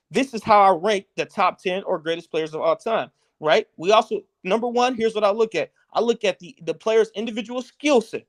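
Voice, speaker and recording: A man with a high voice talks through a basketball debate on a podcast, setting out his ranking criteria one by one. He keeps tagging his points with "right?" and holds the floor in a casual, argumentative back-and-forth. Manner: lays out points step by step, tags lines with "right?". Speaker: podcast co-host. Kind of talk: heated casual sports debate.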